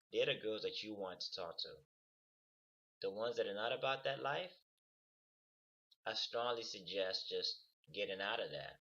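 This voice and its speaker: A man's voice: low-pitched, bright, forceful tone. A young man giving casual dating advice, rambling and profane with lots of filler words. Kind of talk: casual off-the-cuff advice monologue. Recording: dull lo-fi recording.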